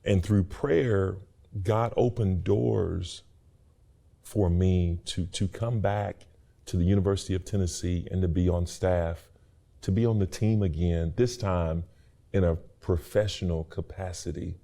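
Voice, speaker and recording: A man's voice: low-pitched, steady tone, unhurried, gravelly, mellow. A middle-aged man giving an earnest, preacherly personal testimony in an interview, repeating words as his feeling builds. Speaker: university staff member and interview guest.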